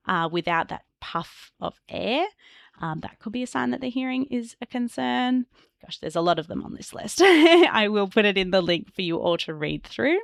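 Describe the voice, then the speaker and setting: Low gravelly woman explaining clearly. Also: animated, no room sound, studio quality. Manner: explanatory, models speech sounds slowly. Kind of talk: educational podcast explanation.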